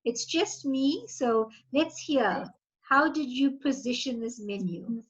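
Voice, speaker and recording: Gentle woman host on a lo-fi call. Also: high-pitched, lively intonation. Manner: encouraging, slow and gentle. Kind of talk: interviewing children on a video call. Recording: slightly dull lo-fi call audio.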